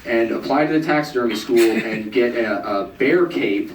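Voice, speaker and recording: A young man tells a stand-up story in a flat, deadpan way, pitching his voice up when he quotes others. He sounds far from the mic in a roomy club. The bootleg tape carries plenty of hiss and hum. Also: moderate pace. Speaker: stand-up comedian. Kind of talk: stand-up set. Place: comedy club stage. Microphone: handheld stage mic, taped from the audience. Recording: roomy bootleg taped from the crowd. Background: crowd laughter.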